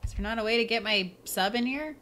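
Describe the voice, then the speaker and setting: A woman's voice: on the high side, fast, a bit bright. A woman commenting on a game as she plays it, jumpy and profane, breaking into laughter often. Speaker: let's play gamer. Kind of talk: live gameplay commentary.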